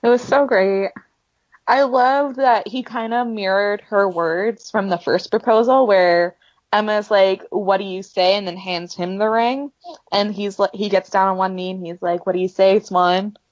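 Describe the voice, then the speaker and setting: A woman's voice: mid-range voice, a little slow, no echo. A young woman co-hosting a casual fan podcast, gushing and emotional as she acts out scenes. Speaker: podcast co-host. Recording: dull lo-fi sound, dry.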